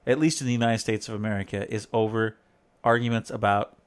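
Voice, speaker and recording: A man's voice: on the low side, steady tone, brisk, clean tone. A man co-hosting a casual talk show with his wife, teasing her and steering the conversation. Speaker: podcast co-host. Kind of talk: casual chat.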